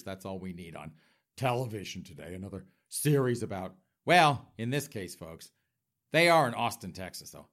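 A man's voice: medium pitch, very animated, normal speed, a bit bright. A man in a campy, flamboyant comedic rant, mock-indignant, talking straight to his audience with laughing asides. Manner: frequent laughing asides and direct audience address. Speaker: comedic commentator host.

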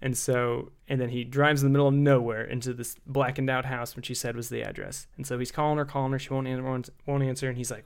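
A man co-hosting a casual podcast, spinning a story and laughing his way through it. His voice sits at an ordinary middle pitch. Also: quick pace, hardly any pauses, clear, resonant tone. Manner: animated storyteller, laughs often. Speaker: podcast co-host.

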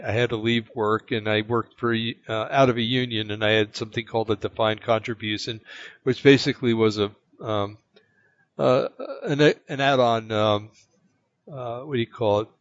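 A man from the United States telling a personal story in casual chat, rambling and halting, with many fillers and restarts. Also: on the low side, no echo. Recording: dull lo-fi, dry sound.

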